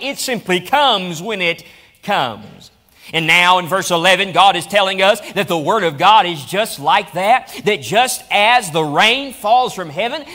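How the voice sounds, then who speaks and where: A man with a high voice preaches from the pulpit, his delivery rising and swelling through repeated phrases. He preaches in a church hall. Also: sharp tone. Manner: preaching with rising emphatic repetition. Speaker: pastor. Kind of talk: sermon. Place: church auditorium.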